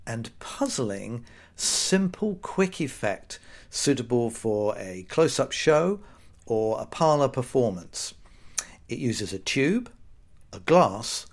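A middle-aged man hosting a podcast, telling a sarcastic comic monologue with a wry, storytelling manner. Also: medium pitch. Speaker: podcast host.

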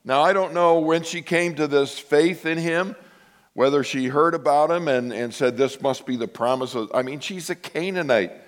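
Man preaching an animated sermon. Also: a little high, moderate pace. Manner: animated storytelling, acts out quoted voices. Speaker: pastor.

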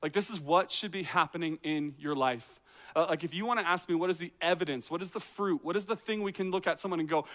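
A man's voice: fairly high pitch, quick pace, a bit bright. A man, a teaching pastor, preaching a sermon in a conversational way, full of rhetorical questions and acted-out reactions. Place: outdoor courtyard.

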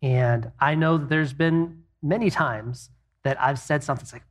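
A middle-aged man talks about marriage in an earnest, plainspoken way, often leaning on stories from his own life. His voice sits a little higher than most men's. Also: moderate pace. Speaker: co-host. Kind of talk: casual faith-based marriage talk.

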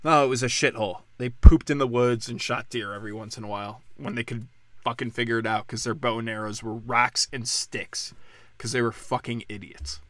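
A man delivering a profane, sarcastic political rant, swinging between loud outbursts and low muttering. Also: steady tone, fairly quick, no room sound. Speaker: political commentator.

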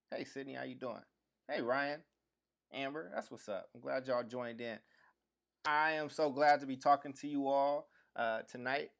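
A man's voice: mid-range voice, fairly even intonation, unhurried, vocal fry, a bit bright. A man in his thirties hosting a live podcast in casual chat. He talks loosely, with slang and restarts, and has a slight lisp from dental aligners. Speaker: podcast host.

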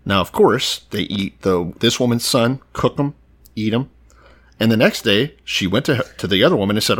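A husky-voiced man in his thirties retells a story in a loose comedic chat. His mid-range voice swings widely in pitch as he delivers dry, deadpan lines laced with swearing. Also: normal speed. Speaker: podcast co-host.

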